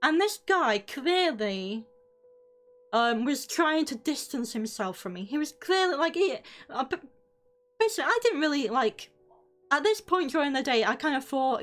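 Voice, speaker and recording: A woman's voice: high voice, very animated, normal speed, a bit bright, soft background music. A young British woman streamer telling a rambling, sweary story, often breaking off mid-sentence. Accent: British English. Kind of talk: casual storytelling on a live stream.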